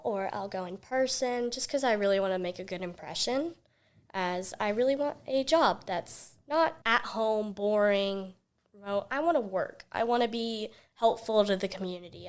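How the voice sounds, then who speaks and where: A woman's voice: medium pitch, moderate pace, darkish tone. A teenage girl, a guest on a talk show, chatting casually and acting out the voices of the people in her story. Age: teens. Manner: chatty, acts out quoted voices, many "like"s.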